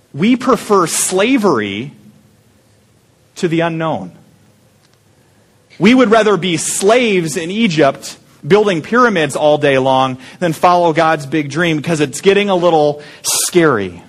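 A man preaching a sermon as pastor, talking casually and putting questions to the congregation. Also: on the high side. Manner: conversational, asks the congregation questions.

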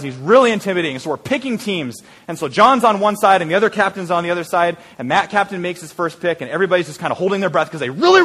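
Animated storytelling preacher. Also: male voice, high voice. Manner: animated storyteller, building to earnest, quiet appeals. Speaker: pastor. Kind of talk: sermon with storytelling.

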